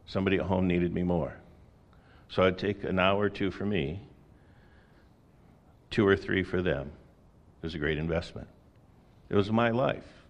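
A man's voice: low-pitched, moderate pace, pauses often, dull audio. A middle-aged man preaching a sermon in a conversational way, with folksy asides and rhetorical questions. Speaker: pastor.

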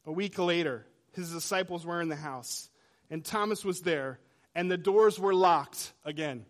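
A man preaching a sermon in a conversational way, swinging between loud emphasis and quiet, hushed lines. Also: fairly high pitch, unhurried. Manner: dramatic shifts between loud and soft. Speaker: pastor.

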